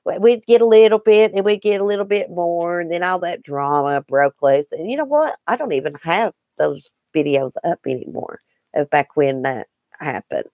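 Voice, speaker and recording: A woman's voice: on the low side, expressive, normal speed, darkish tone, no room sound, highs cut off. A Southern woman hosting a casual livestream, chatting folksily with viewers by name and reading the chat. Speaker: YouTube livestream host.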